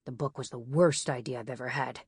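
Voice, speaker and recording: A woman reading an audiobook, voicing a tired man in his mid-thirties who talks in a ragged, breathy way. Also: mid-range voice, fairly even intonation, fairly quick, no echo, clean studio sound, voice pushed down.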